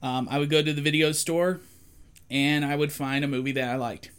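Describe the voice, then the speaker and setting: A man's voice: a little high, fairly even intonation, fairly quick, fairly bright tone, clean tone. A man in his forties co-hosting a casual chat, rambling through a story with plenty of fillers and restarts. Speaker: podcast co-host.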